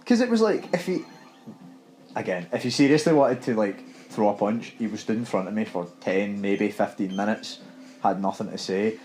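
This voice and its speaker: A man's voice: on the low side, expressive, moderate pace, a little mellow, poor audio. A young Scottish man co-hosting a gaming podcast, telling a story in casual, laughing chat.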